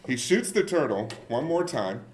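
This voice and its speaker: A man's voice: mid-range voice, moderate pace. A man in his thirties telling a story in casual podcast chat and acting out the quoted lines. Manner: animated, acts out quoted lines.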